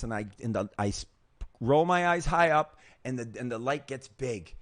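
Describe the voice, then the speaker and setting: A man's voice: medium pitch, moderate pace, no echo. Emphatic older man, dry close sound. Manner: emphatic, swearing, motivational, frequent restarts. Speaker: host. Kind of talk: personal recovery testimony.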